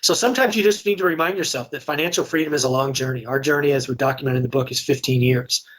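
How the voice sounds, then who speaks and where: Middle-aged man, slightly breathy voice, frank and chatty interview guest. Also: mid-range voice, fast talker. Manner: candid, conversational, many restarts. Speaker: real estate investor and guest. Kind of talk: casual podcast interview storytelling.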